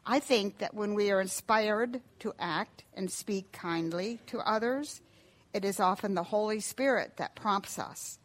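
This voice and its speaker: A woman reads a children's devotional story in an unhurried, gentle voice. Her pitch sits in a natural middle register, and she lingers over every phrase.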